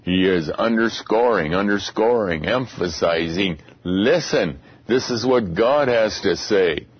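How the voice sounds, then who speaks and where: A man teaching a Bible study lecture, speaking deliberately and repeating phrases for emphasis. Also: fairly low pitch, expressive, husky, highs cut off.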